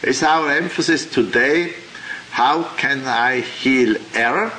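A man teaching a religious class, lecturing in a deliberate, halting way and asking rhetorical questions. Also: medium pitch, bright, forceful tone, slight background noise, rough recording.

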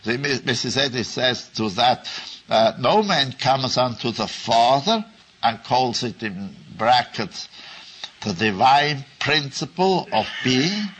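Slow, deliberate man teaching scripture. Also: mid-range voice, animated, a bit bright, husky, rough recording. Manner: deliberate, repeats phrases, chuckles at asides. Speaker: religious teacher. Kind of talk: slow explanatory Bible talk.

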